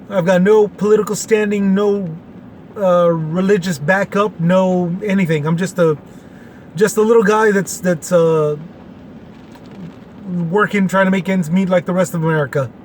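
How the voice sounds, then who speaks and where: Rambling folksy man in his forties, high voice. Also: fairly even intonation, measured pace, long pauses, a little hiss or hum. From Texas. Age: 40s. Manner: rambling, folksy, with many fillers. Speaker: podcast host. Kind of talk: casual opinion monologue.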